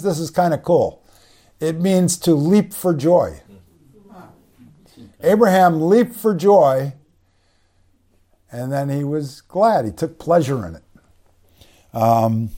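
Preaching in a fairly high pitch with a dark tone and lively intonation, a man gives a bible-teaching sermon in a conversational style. He unpacks Greek words, spelling them out slowly, amid many fillers, restarts, and repeated "you know"s.

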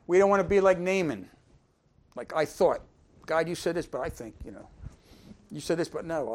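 A man preaching an informal sermon, conversational and folksy, asking the congregation questions and swinging between emphatic lines and quiet asides. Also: on the high side.

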